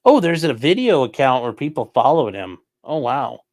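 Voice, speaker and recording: A man's voice: medium pitch, sing-song, normal speed, a little mellow, dry recording. A man hosting a livestream, reading viewer donations and giving casual commentary in a sarcastic, rambling way with casual swearing.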